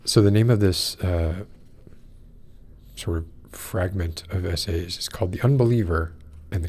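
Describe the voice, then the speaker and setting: A man's voice: low-pitched, moderate pace, darkish tone, slight background noise. A man hosting a podcast livestream, rambling with many fillers as he greets people in the chat and then reads a short text aloud. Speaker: podcast host. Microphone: wears in-ear monitors.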